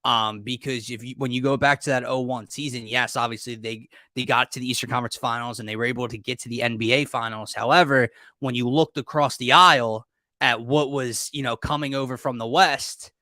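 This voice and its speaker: A man co-hosting a live sports talk show, upbeat, hyping the big game with drawn-out emphasis. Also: medium pitch, steady tone, sharp tone, dry recording, clean studio sound. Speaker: co-host of a sports podcast.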